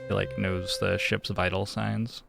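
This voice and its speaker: Slow, gravelly male streamer. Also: deep voice, flat delivery, over loud music. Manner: musing, thinking aloud. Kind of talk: casual game commentary.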